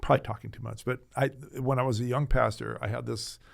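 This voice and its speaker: A middle-aged man, a hospital chaplaincy director, telling a story in an earnest, animated conversational way. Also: medium pitch, fast, creaky. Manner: earnest, animated storyteller who voices others.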